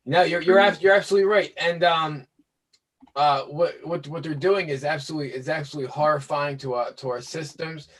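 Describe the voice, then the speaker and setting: A man chatting casually in a somewhat high voice with a husky edge. He talks haltingly, repeating words and restarting his sentences. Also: fairly even intonation, a bit bright, recorded from a distance, poor audio. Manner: halting, many restarts and fillers. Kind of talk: casual chat.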